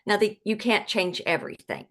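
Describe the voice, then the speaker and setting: A woman's voice: medium pitch, fairly even intonation, brisk, a bit bright. Woman sharing in an online workshop. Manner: conversational, with repeated words. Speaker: catechetical leader.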